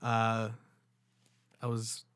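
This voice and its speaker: A young man from California co-hosting a podcast, chatting in a relaxed, rambling way with casual swearing. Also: lowish voice, extremely slow, clean tone, dry recording, studio quality. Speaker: podcast co-host. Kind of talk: casual chat.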